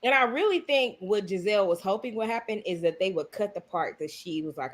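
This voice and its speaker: A woman's voice: medium pitch, brisk. A woman on a podcast panel, talking sassily and expressively about a reality show. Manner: expressive, sassy, quotes the cast. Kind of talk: casual reality-TV recap chat.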